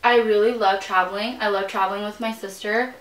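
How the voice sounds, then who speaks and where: A woman's voice: medium pitch, fairly even intonation, brisk. A young woman guest in a casual mukbang chat who giggles, teases and asks lots of questions. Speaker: guest vlogger. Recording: echoey room, mic at a distance, faint noise.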